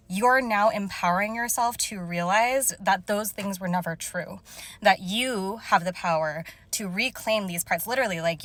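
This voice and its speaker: A woman's voice: mid-range voice, fairly bright tone. Emotional young woman channeling a message. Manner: emotional, halting, many fillers. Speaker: spiritual channeler. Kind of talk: casual channeled message to viewers. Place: car.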